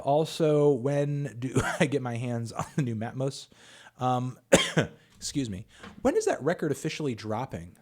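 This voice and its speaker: A man's voice: mid-range voice, big pitch swings, measured pace, mellow. A man who reviews music, answering viewer questions on a livestream in a loose, chatty way with lots of fillers and the odd swear word. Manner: loose and conversational, with frequent fillers and casual swearing. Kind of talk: casual livestream Q&A.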